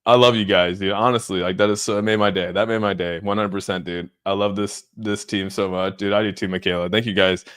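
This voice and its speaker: A man's voice: fairly low pitch, fairly even intonation, fast, few pauses, fairly bright tone, smooth. A young man hosting a live crypto stream, reacting to his chat with frequent laughter and lots of "dude". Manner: laughs often, says "dude" a lot, giddy and amused. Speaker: crypto livestream host.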